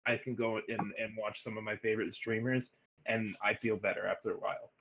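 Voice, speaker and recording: A man's voice: fairly low pitch, level tone, brisk, a bit bright, rough recording. A man talking earnestly as a streamer guest on a casual podcast, often restarting his sentences.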